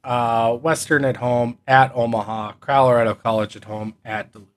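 A man's voice: medium pitch, fairly even intonation, moderate pace. A man co-hosting a casual sports chat, rambling with lots of fillers. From Upper Midwest. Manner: filler-heavy, meandering delivery. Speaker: podcast co-host.

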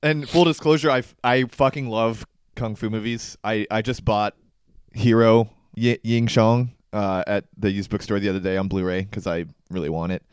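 A young man co-hosting a podcast in casual comedic chat, animated and laughing a lot, with frequent swearing. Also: fairly low pitch, moderate pace, clean tone, no echo, studio quality. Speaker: podcast co-host.

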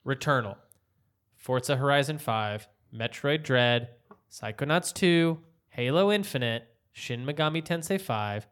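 A man's voice: medium pitch, animated, a little slow, a bit bright. A man hosting a casual group podcast chat, often laughing. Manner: laughs a lot, reads lists. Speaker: podcast host.

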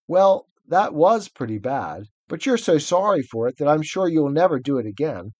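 A man voicing a kind, truthful little girl in a gentle, earnest way as he reads a novel aloud. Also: fairly high pitch, lively intonation, fairly quick, slightly rough, no room sound, muffled recording. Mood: earnest kindness.

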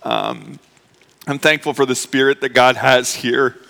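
Medium-pitched and sing-song, this man's voice is gravelly, bright, and forceful, moving a little slowly through a long reverb tail. He's a pastor still recovering from appendix surgery, preaching emotionally and chattily in the church sanctuary, full of fillers and restarts.

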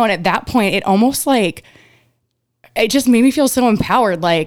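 This woman chats on a podcast, telling stories at a brisk clip and jumping up in pitch for quoted lines. Her voice is smooth and clear. The sound is close and dry, with no room around it. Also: dry recording. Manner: animated storyteller, acts out quotes, laughs, swears. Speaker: guest. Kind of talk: casual podcast chat.

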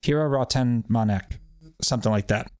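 A man chatting on a podcast in a loose, rambling way, swearing freely and sounding sardonic. His voice is even and mid-pitched. It sounds dry and close, with no room around it. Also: normal speed, no room sound. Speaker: podcast co-host. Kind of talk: casual podcast chat.

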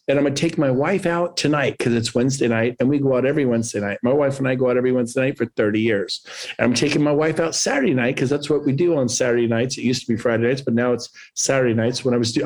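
A man in his fifties telling lively, jokey stories as a guest on a podcast interview, acting out quotes in other voices. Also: medium pitch. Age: 50s. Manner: animated, jokey storyteller who acts out quotes in other voices. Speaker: podcast guest, real estate agent.

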